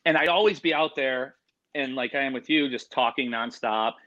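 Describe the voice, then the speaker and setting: A man telling stories as an interview guest, excitable and rambling, full of "like" and "you know". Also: mid-range voice, normal speed, lo-fi sound. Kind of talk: casual storytelling.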